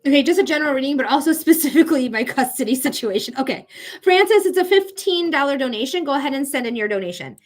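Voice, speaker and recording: A woman's voice: high-pitched, expressive, fast talker. A woman hosting a live-streamed psychic tarot reading. She talks casually and emphatically, swearing freely. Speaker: psychic reader.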